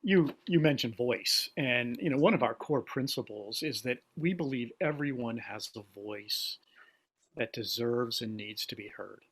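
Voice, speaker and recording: A man with a mid-range voice co-hosts a conversational podcast. He talks earnestly but haltingly, doubling back and repeating words as he works toward his point. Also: mid-range voice, fairly bright tone, breathy edge. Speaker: podcast co-host. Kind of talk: conversational interview.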